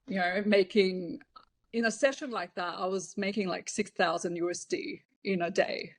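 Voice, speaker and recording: A woman's voice: mid-range voice, moderate pace. A woman guest in an interview, speaking frankly about her past work, with fillers and an occasional laugh. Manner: frank, laughs now and then, hesitant fillers. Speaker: interview guest, former cam model. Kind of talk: candid conversational storytelling.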